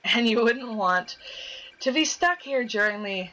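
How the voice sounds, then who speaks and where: A woman's voice: a little high, expressive, a little slow, pushed and bright, poor audio. Woman reading as a bossy schoolgirl. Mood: scolding. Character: bossy schoolgirl keeping the peace.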